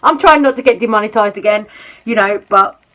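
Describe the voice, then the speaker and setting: A woman's voice: medium pitch, fairly quick, a bit bright. A woman vlogger chatting casually about drama while doing her makeup, exclaiming and repeating words for emphasis. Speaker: commentary vlogger.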